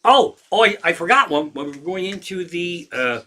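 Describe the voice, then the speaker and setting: A man in his sixties rants on a livestream with a slightly high voice and a sharp, tense edge. He swears constantly and gets more and more worked up as he talks. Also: expressive, moderate pace. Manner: profane, ranting, worked up. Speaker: comedian hosting a livestream. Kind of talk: profane ranting livestream chat.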